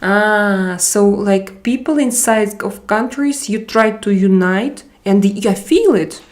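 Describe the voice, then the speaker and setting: Slow, hesitant woman streamer. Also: medium pitch. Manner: hesitant, searching for words with many pauses. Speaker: livestream host. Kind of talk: casual livestream chat, reading comments aloud.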